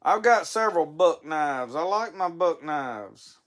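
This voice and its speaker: Folksy man, rather high voice. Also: lively intonation, measured pace, fairly bright tone. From Mississippi. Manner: rambling, folksy, chuckling, stammering restarts. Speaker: live stream host. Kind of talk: casual live-stream chat.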